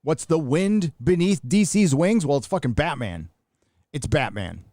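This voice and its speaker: A man's voice: fairly high pitch, animated, moderate pace, dark tone, no echo, studio quality. A middle-aged man from the United States hosting a live stream, talking bluntly and profanely in rambling casual commentary with many restarts.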